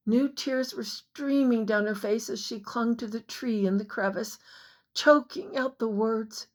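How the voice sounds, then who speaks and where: Slow, measured woman narrating a story. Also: a little high. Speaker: author and audiobook narrator. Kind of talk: scripted audiobook narration.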